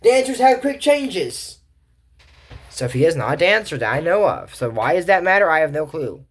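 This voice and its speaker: A man's voice: on the high side, expressive, a little fast, fairly bright tone. A man giving a casual, rambling recap of a cartoon episode, full of fillers, asides and incredulous reactions. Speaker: cartoon reviewer.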